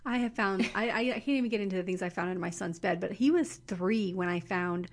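A middle-aged woman co-hosting a podcast, chatting in a lively way and laughing easily. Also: mid-range voice, brisk. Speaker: podcast co-host. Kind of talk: casual chat.

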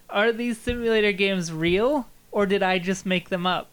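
A woman's voice: medium pitch, moderate pace, clear, resonant tone. A woman co-host running a playful quiz on a radio show, laughing as she reads out the questions. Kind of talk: casual radio chat.

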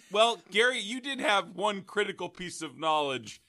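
A man trading jokes in a casual podcast chat, his voice very bright and ringing. His pitch sits a little high and jumps around a lot as he riffs and laughs. The sound is close and dry. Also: sing-song, unhurried, no echo. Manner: playful, joking, laughs often. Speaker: podcast co-host.

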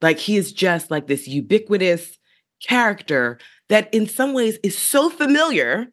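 Co-host, woman, lively swooping delivery, emphatic, casual political chat. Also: mid-range voice, unhurried. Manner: animated, emphatic, quotes people in voices.

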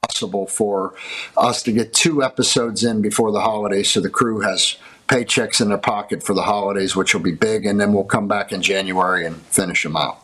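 A man from the Pittsburgh area, an actor guest telling lively stories and laughing on a talk show. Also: on the low side, brisk, husky, low-quality recording. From Pittsburgh area, USA. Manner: animated storyteller who laughs between lines. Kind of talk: casual talk-show storytelling.

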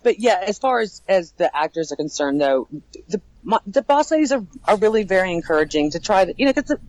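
A chatty woman talks in an easygoing, animated way, often breaking into laughter. She trails off and restarts her thoughts as she goes, speaking like an actor trainer telling stories from work. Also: mid-range voice, a little fast, dry recording, rough recording. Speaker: haunted attraction actor trainer. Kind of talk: casual interview chat.

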